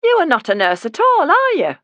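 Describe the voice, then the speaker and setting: A suspicious older mother from snaps out her questions in a high, piercing voice, put on by a man reading the book. She is guarded and protective and sounds sullen and combative. The audiobook recording is dry and close. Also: lively intonation, normal speed, bright, forceful tone, clear, resonant tone, dry recording. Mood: hostile. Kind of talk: audiobook character voice.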